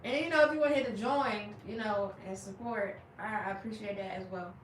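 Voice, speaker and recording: A young woman chatting casually with viewers on her livestream, animated and laughing as she acts out their reactions. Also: mid-range voice, brisk, echoey room, recorded from a distance, slight background noise, low-quality recording. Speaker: livestream host.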